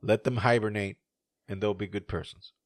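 A man co-hosting a podcast in casual chat, animated and profane, laughing often. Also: lowish voice, moderate pace, dry recording, clean studio sound. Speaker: podcast co-host.

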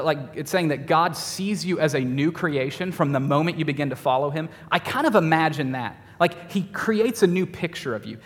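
Young male preacher, animated and self-mocking, slightly high voice, reverberant hall. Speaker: youth pastor. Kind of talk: sermon with personal storytelling.

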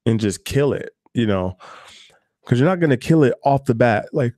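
A man in his trade as a barber, talking casually and candidly with many fillers and asides. His voice sits at an ordinary pitch for a man. The recording is dry and close, with no room echo. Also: animated, normal speed, a little mellow. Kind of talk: casual advice talk to camera.

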